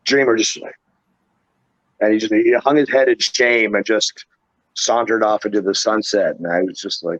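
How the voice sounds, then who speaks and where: A middle-aged man, a pro wrestler, telling a wild road story as a guest, animated and profane. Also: lowish voice, normal speed, dry recording, dull audio. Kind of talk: casual storytelling interview.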